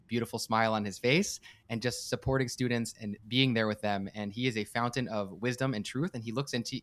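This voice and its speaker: A man's voice: medium pitch, a bit bright. A man, a podcast guest, telling a personal story in an earnest, heartfelt way with frequent restarts. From United States. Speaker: podcast guest, campus director and startup coach.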